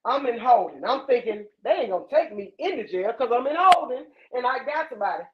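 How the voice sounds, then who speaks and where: A woman from Louisiana hosting a podcast, telling a wild story in a profane, animated way and acting out the voices. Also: fairly high pitch, a little fast, very noisy. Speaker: podcast host. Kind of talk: casual storytelling chat. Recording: echoey dull lo-fi room.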